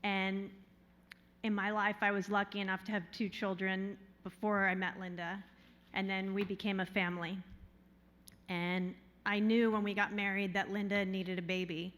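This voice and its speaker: A woman gives an earnest, measured acceptance speech at a podium in a hotel ballroom. Her pitch barely moves, staying in a steady, level line, and her humor comes through dry and understated. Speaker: award honoree giving an acceptance speech.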